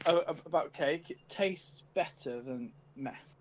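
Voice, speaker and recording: A man's voice: fairly high pitch, unhurried, rough recording. A man co-hosting a casual podcast chat, rambling and stopping to restart, often breaking into laughter. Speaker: podcast co-host. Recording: faint background noise.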